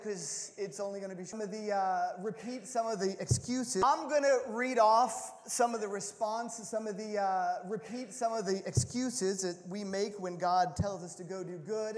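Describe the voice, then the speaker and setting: A man preaching a sermon as pastor of a church, playful and animated, often repeating words as he restarts a thought. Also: sits high. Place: church sanctuary. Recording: long hall reverb.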